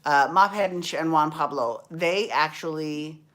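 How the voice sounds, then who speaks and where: Low-voiced chatty woman. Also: normal speed, a bit bright. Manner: rambling, chatty, with frequent restarts and swearing. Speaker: podcast host recapping dance shows. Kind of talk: casual chat.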